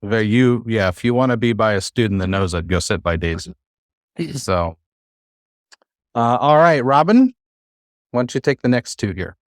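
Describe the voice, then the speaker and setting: A man's voice: on the low side, expressive, moderate pace, long pauses, no echo, studio quality. A man teaching a classroom lesson, patient and encouraging, with many fillers. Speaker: Hebrew teacher.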